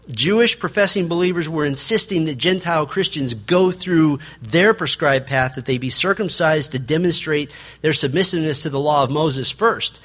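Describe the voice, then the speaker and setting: Man preaching a sermon, slightly high. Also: fairly bright tone, husky. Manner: earnest preaching, reads scripture aloud and acts out quotes. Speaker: pastor.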